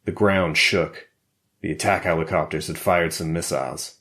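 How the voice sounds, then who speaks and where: A man narrating a spy thriller audiobook in a measured, steady way. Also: low voice. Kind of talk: scripted narration.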